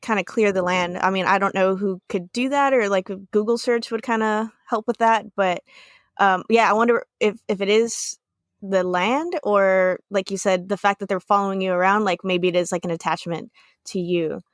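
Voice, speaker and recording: A female co-host asks questions in a casual, tentative way, rephrasing as she goes. Her voice sits at a middle pitch. The recording is dry and close. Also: fairly even intonation, normal speed, no echo. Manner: tentative, searching for words. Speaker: podcast co-host. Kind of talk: casual chat.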